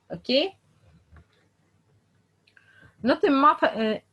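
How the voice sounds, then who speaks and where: A woman teaching Quran recitation rules in a halting way, with many fillers and restarts, slowly modelling example words again and again. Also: mid-range voice, low-quality recording. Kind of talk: online tajweed lesson.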